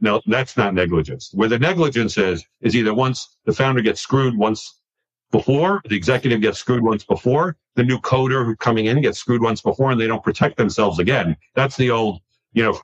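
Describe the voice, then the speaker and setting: A man from New York talking in a casual podcast conversation, animated and quick to repeat himself when excited. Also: on the low side, dull audio.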